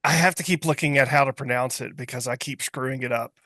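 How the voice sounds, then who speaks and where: A man's voice: medium pitch, steady tone, fast, sharp tone, no room sound, studio quality. A man co-hosting a casual podcast, reading from his notes with jokes. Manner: reading notes aloud, joking. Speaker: podcast co-host. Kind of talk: casual panel chat.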